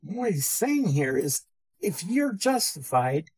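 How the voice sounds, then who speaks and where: A man's voice: on the high side, very animated, slow, darkish tone, slightly rough, poor audio. A man teaching a theology lesson, methodically defining terms and repeating key phrases. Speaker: Bible teacher. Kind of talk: theology lecture.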